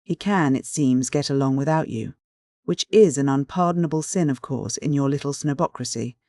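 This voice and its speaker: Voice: medium pitch, lively intonation, normal speed, a little mellow, no echo, studio quality, close to an everyday voice. A reader voicing a defiant, outspoken young woman in an audiobook, with a tart, cutting delivery.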